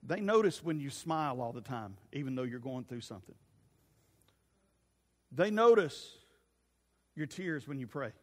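A male pastor preaching an animated sermon, swinging from shouts to hushed asides. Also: medium pitch, normal speed, long pauses. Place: church sanctuary. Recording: long church reverb.

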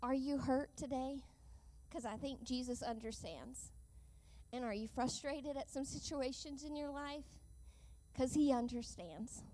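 A woman with a high voice delivers an earnest sermon. She speaks in a measured way and slows down to lean on key lines. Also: darkish tone. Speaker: preacher.

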